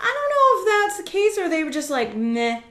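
A woman's voice: very high-pitched, big pitch swings, fast, bright, forceful tone. A woman from the Boston area, co-hosting a podcast in casual, laughing chat. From Boston area, USA. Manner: chatty, laughing, mimics voices in quotes. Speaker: podcast co-host. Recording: echoey room.

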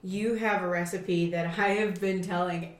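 A woman chatting casually as a podcast co-host, telling a lively story, swearing and acting out quotes. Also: fairly low pitch, a little slow. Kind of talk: casual chat. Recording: echoey room.

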